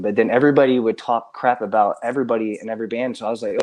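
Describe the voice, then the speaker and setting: Man, somewhat low voice, halting, lots of fillers, earnest, defensive, casual livestream talk. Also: fairly even intonation, darkish tone. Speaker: guest.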